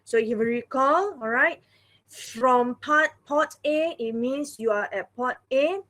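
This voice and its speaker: Woman math teacher, patient and repetitive, slightly high voice, online class. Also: a little slow, a bit bright. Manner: patient, repeats "all right" and "okay" often.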